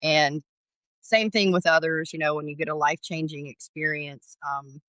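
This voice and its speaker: A former ER paramedic from Georgia, USA, a middle-aged woman, tells candid stories as a podcast interview guest, animatedly acting out dialogue. Her voice is low, steady and fairly bright at normal speed. The recording is rough but has no room sound.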